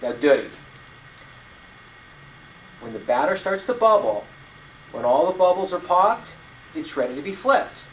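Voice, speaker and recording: A man in his fifties voicing a patient mother who calmly teaches her young son to make pancakes. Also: high voice, a little slow, pauses often, a little hiss or hum, voice pushed up, heavily acted. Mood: instructive. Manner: calm, instructive, gently reassuring. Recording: echoey room, distant mic.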